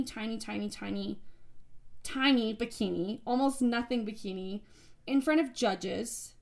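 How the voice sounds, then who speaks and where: Blunt, slightly high-voiced young woman. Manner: blunt and frank, swears freely; rambling, with many fillers and restarts. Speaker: former bodybuilding competitor. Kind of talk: casual monologue to camera. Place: at home, relaxing.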